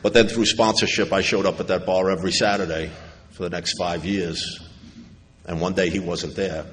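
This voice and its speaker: Low-voiced man telling his recovery story. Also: fairly even intonation, moderate pace, fairly bright tone, a little hiss or hum. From New York. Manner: storytelling, acting out others' lines, wry humor. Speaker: AA convention speaker. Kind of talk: personal recovery talk to an audience. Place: large convention hall. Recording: echoey hall with faint ambience.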